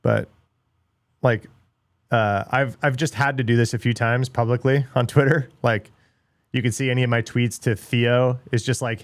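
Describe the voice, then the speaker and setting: A middle-aged man talks casually on his livestream. He is blunt and ranty, swears freely and leans on filler words. His pitch sits in an ordinary middle range for a man. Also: unhurried, no echo. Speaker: livestream host. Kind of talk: casual livestream chat, reacting to videos.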